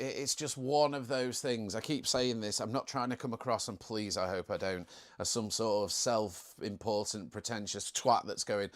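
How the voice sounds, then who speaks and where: A man's voice: medium pitch, fairly bright tone. A young man hosting a casual live stream, chatting in a jokey way and reading out viewer comments.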